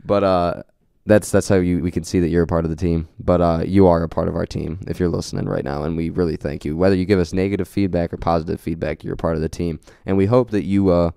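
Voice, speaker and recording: Young male co-host, deep mellow voice, earnest rambling motivational chat, dry close mic. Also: steady tone, quick pace, vocal fry, few pauses, smooth, dry recording. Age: young adult. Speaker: podcast co-host. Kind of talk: casual chat.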